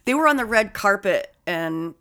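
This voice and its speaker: A woman chatting casually, animated and swearing freely as she acts out funny stories. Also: mid-range voice, moderate pace, clean tone. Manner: animated storyteller, swears often, acts out quotes. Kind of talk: casual chat.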